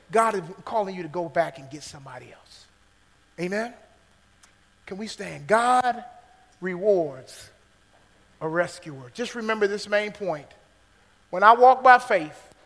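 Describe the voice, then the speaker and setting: A very high-pitched, bright-toned man preaches a sermon in a church sanctuary, and long reverb trails after his words. He swings from ringing, full-voiced preaching down to hushed near-whispers, and he keeps calling "guess what" to the congregation. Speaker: pastor.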